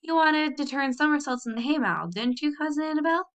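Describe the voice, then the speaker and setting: A woman's voice: high-pitched, expressive, brisk, pitched above the performer's own voice. Brief: earnest, bossy pioneer farm boy, as a woman reader voices him, storybook. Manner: bossy, then pleading.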